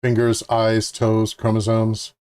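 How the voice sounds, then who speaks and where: A man's voice: on the low side, completely flat delivery, slow, a little mellow, smooth. A man co-hosting a gaming stream, talking casually with jokey, wry asides. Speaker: co-host playing the game.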